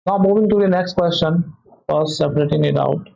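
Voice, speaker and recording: Halting Indian English physics teacher. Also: male voice, fairly high pitch, gravelly, warm tone. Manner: halting, self-correcting explanation with many "okay"s. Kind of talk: test solution walkthrough. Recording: dull lo-fi audio.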